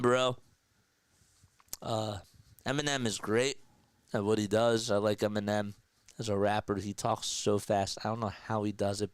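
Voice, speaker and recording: Man, live basketball play-by-play, home streamer, smooth resonant voice, dry close sound, excitable. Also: lowish voice, no echo. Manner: excitable, rising loud on made shots, chatty with viewers between plays. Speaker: play-by-play caller.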